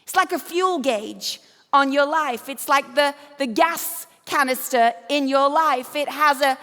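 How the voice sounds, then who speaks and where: English woman, 50s, keynote speaker, crisp bright voice, humorous storyteller, reverberant venue. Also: high voice, unhurried. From Yorkshire, England. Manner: storytelling, self-deprecating humor. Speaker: conference speaker. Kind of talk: motivational keynote talk. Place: event stage. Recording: echoey hall.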